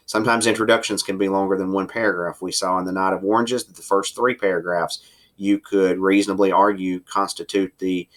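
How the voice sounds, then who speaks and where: A man teaching a writing class in a recorded lecture, explaining step by step, slowing down for emphasis and sometimes pausing on fillers. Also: on the low side, fairly bright tone. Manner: explanatory, varies pace for emphasis, occasional fillers.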